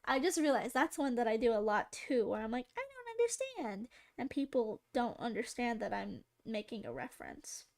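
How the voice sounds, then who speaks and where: A woman's voice: fairly high pitch, expressive, moderate pace, gravelly, few pauses, a little mellow. A woman streaming as she draws, chatting with viewers in a giggly, rambling way and trying out silly voices. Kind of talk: casual live-stream chat while drawing.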